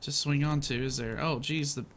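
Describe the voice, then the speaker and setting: Bright, excitable gaming host. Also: male voice, fairly high pitch, moderate pace, slight background noise. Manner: excitable, narrates his own moves. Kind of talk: casual gameplay commentary.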